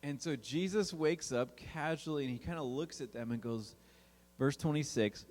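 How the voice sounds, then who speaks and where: A man preaching a youth sermon, telling a story with big swings in pitch and volume. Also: lively intonation, normal speed, long reverb tail. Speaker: youth pastor.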